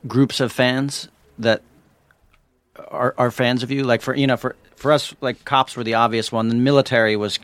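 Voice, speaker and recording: A man's voice: medium pitch, fairly even intonation, moderate pace, a bit bright, clean tone, dry recording. A man co-hosting a podcast in loose, casual chat with many restarts. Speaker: podcast co-host.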